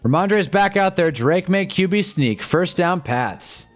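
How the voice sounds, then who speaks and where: This young man's voice sits high; he's animated but unhurried. Hosting a live fan stream of a football game, he comments wryly and with exasperation, rambling into casual chat while faint music plays.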